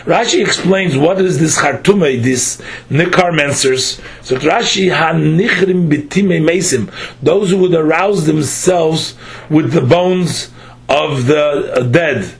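His voice is on the high side with vocal fry, captured on a rough recording. This man teaches a text study class, reading phrases aloud with a pronunciation and translating each line, with a halting delivery full of restarts.

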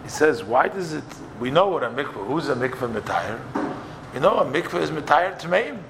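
Gravelly-voiced man teaching a Torah class. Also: fairly high pitch, big pitch swings, moderate pace, noisy background. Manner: explains texts step by step, quoting and translating.

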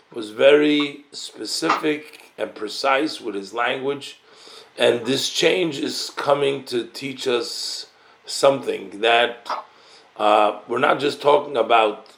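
A man teaching a text study class, reading Hebrew phrases and explaining them in English. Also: medium pitch. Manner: unhurried, careful explaining. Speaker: Torah teacher.

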